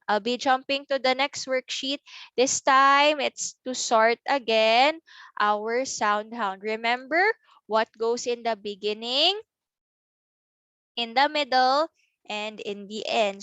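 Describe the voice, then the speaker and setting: A preschool teacher, a woman with a high voice, talks children through their worksheets at an unhurried pace. She spells words out letter by letter with patient, careful pronunciation. The recording is dry and close, with no room sound. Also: a bit bright, no room sound. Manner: slow, clear, sounding out letters for small children. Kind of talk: recorded class lesson.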